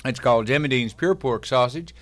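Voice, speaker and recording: A man's voice: mid-range voice, a little fast. A man, a guest on a talk show, chatting in a folksy, joking way. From Texas. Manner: folksy, wisecracking storyteller.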